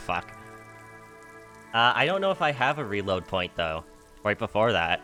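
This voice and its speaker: A man's voice: lowish voice, big pitch swings, measured pace, sharp tone, faint music behind. A man streaming a game live, reading its dialogue aloud and joking, laughing and swearing in between. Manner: swears freely, laughs often, jokes while reading dialogue.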